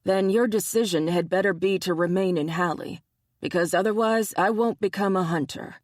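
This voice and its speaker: A man's voice: high voice, normal speed, dry recording, studio quality, close to an everyday voice. An audiobook narrator voicing a blunt, stubborn young male bear shifter who swears and pushes back defensively.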